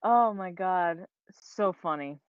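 Blunt podcast co-host, a woman with a lowish voice who laughs a lot and swears casually, on a dull lo-fi recording. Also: measured pace, no room sound. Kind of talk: casual chat.

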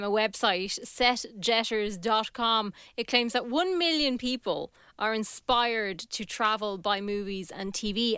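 A woman's voice: a little high, bright, forceful tone, clear, resonant tone, no echo, clean studio sound. A woman hosting a casual radio interview, friendly and curious. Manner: friendly, curious, quick to agree. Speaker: radio host.

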